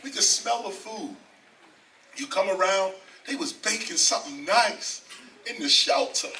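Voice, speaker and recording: Speaking a little slowly in a high, sharp voice with lively intonation, an older man shares his life story in an animated interview. Originally from the South Bronx, New York, this rapper and teacher is emphatic, repeats phrases and often asks "okay?". It was recorded indoors at a library with a distant mic and faint background noise.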